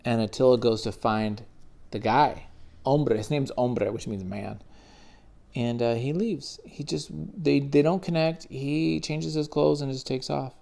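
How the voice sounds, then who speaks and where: A man's voice: medium pitch, measured pace, creaky, dark tone. A man enthusiastically retelling a comic book story in casual, slangy commentary with frequent swearing. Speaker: comics reviewer.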